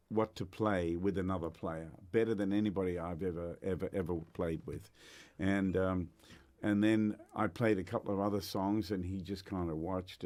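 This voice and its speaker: An older Australian man, a guest musician, telling stories in a chatty, animated way with lots of fillers in a radio interview. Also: low-pitched, dry recording. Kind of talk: casual storytelling in a radio interview.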